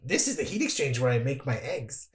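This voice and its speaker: A woman voicing an excitable, childlike alien crew member who eats bugs. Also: rumbling low, brisk. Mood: proud. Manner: giddy, bouncy, childlike.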